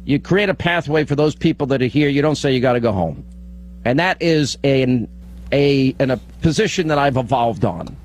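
A man's voice: medium pitch, lively intonation, moderate pace, darkish tone, a little hiss or hum, poor audio. A man giving a firm talk radio monologue, stating his position in short, emphatic sentences. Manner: assertive, emphatic. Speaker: radio host.

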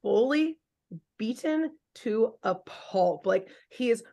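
A young adult woman hosting a podcast, recapping a cartoon episode in animated, casual storytelling full of fillers. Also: a little high, takes it slowly, gravelly. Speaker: podcast host.

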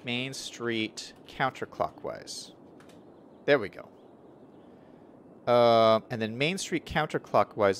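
A man streams a city-building game with casual commentary, thinking aloud as he plans and often correcting himself mid-sentence. His voice is lowish, with slight background noise.

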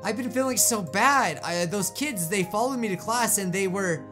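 A man reading the lines of a sad teenage girl who blames herself in a game story. He reads them quietly and flatly, with little acting. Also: high voice, normal speed, over music.

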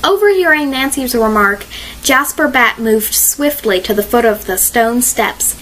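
A woman narrating a mystery audiobook in a measured, expressive reading style. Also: a little high, slight background noise, poor audio.

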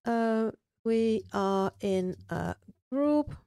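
A woman live-streaming a game, chatting with her viewers in a slow, relaxed way and thinking aloud with plenty of ums. Her voice sits a bit high, and the close microphone sounds dry, with no room sound. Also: smooth, dry recording. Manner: chatty, thinks aloud, answers chat, many fillers. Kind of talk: casual live-stream chat.

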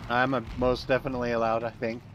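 A man's voice: mid-range voice, level tone, fast talker, lo-fi sound, background noise. A man hosting a casual gaming stream on a headset, greeting viewers by name and laughing often.

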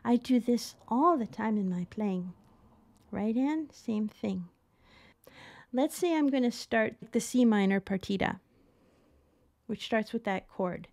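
A middle-aged woman teaching piano in a chatty, expressive way, often laughing as she explains. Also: on the high side, slow pace, gravelly, pauses often. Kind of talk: casual spoken tutorial.

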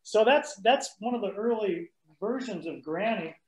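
A man's voice: high-pitched, lively intonation, normal speed, slight background noise. A man, a musician guest, chatting casually in an interview and laughing often. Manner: laid-back, laughs often. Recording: roomy echoey sound.

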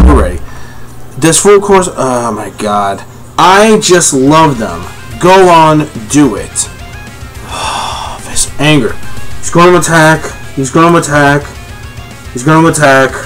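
A man reacting live to a comic chapter, swearing constantly and bursting into yells. His pitch swings widely as he talks, with faint music playing behind him. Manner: excitable, profane, yelling in bursts. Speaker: manga reviewer.

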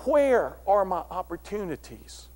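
A man's voice: sits high, measured pace. A middle-aged man giving a motivational philosophy talk to an audience, telling stories and acting out the dialogue. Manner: animated storyteller, acts out dialogue. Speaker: philosophy speaker. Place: large room before an audience. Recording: long hall reverb.

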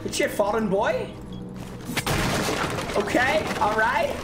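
A young man streaming live over a game, brash and profane, his voice swinging wildly up and down as he repeats himself. He sounds like he's in a roomy, echoey space, with loud music playing behind him. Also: extremely high pitch, very animated, slow. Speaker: streamer coaching viewers' gameplay clips.

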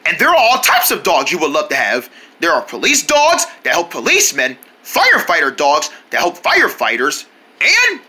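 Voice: mid-range voice, sharp tone. A children's show host narrating in a cheerful sing-song, talking straight to young viewers.

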